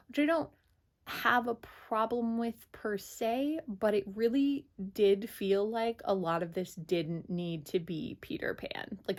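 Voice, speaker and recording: A young woman giving a casual, chatty book review, full of "like" fillers. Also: medium pitch.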